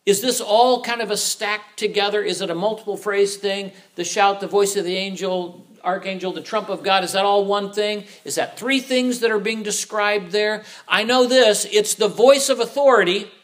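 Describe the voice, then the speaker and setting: A man's voice: high voice, moderate pace, hardly any pauses. A middle-aged man preaching a sermon, asking rhetorical questions and acting out the voices of the people he quotes. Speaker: pastor.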